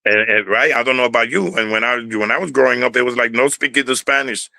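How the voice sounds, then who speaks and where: A man's voice: medium pitch, steady tone, fast, vocal fry, pushed and bright, dry recording, poor audio. Blunt older Bronx Puerto Rican man. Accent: New York Puerto Rican. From Bronx, New York. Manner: rambling, repeats words, drops curse words. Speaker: interview guest, former dancer. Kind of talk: casual storytelling interview.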